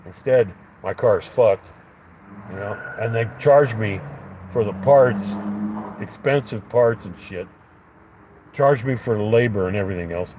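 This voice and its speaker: A man's voice: fairly low pitch, measured pace, warm tone, a little hiss or hum, rough recording. A man angrily telling a story in a profane rant, acting out both sides of an argument. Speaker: livestreamer. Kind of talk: angry ranting story.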